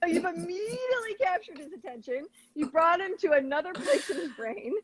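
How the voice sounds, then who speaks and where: A woman's voice: very high voice, animated, a little fast, no room sound, low-quality recording. A woman host explaining techniques in an earnest, coaching tone. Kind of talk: conversational teaching.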